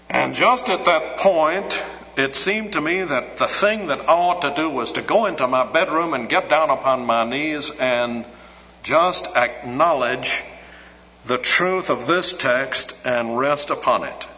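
A man delivers a sermon in a bright, forceful voice pitched a little high. He is earnest and teacherly and keeps circling back to his text for emphasis. The recording is dull and lo-fi, with a long echo from a large hall. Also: unhurried. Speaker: preacher.

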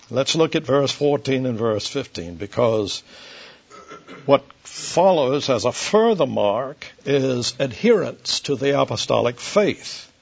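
Slow, gravelly male preacher. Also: mid-range voice. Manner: slow, deliberate, emphatic with light asides to the congregation. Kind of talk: expository sermon. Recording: dull lo-fi sermon recording.

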